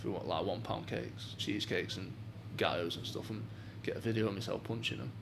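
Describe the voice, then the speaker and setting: A young Manchester bloke, a professional boxer guest from England, yaps about his life in chatty, sweary stories loaded with "like." His lowish voice is brisk with vocal fry, and a bit of room hum is audible behind him.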